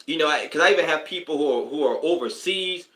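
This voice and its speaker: A man hosting a live stream as a spiritual advisor, with a bright, forceful voice pitched a bit high. He rambles casually, then surges into emphatic, preacher-like bursts, and the sound rings in an echoey room. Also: quick pace.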